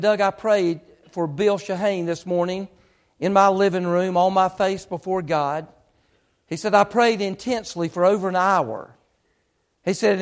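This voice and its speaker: A man preaching, retelling a story with lots of quoted speech in an earnest, building way. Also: high voice. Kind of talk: sermon storytelling.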